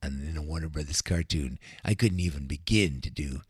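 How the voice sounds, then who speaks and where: An older man spins records and talks between them in a low, husky voice. His chat is laid-back and rambling, full of fillers. The sound is close and dry, right on the studio mic. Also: a little fast, no room sound. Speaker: radio DJ. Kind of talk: casual radio chat.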